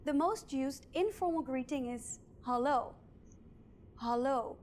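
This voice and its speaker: A woman giving a scripted language lesson, pronouncing words clearly and brightly. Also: high-pitched, sing-song, a little hiss or hum. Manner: clear, upbeat, deliberate pronunciation. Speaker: language teacher.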